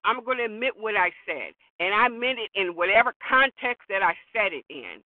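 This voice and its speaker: Expressive and fairly quick, a talk show host with a voice that sits high delivers an emphatic monologue of opinions, repeating words and firing off rhetorical questions. He is a podcast host, and the audio has no echo but sounds tinny and phone-like, as if from a distance.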